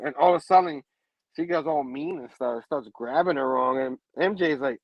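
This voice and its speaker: A man's voice: fairly high pitch, normal speed, no room sound, dull audio. A man hosting a casual comic book review show, laughing often and saying "you know what I mean" again and again. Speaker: host.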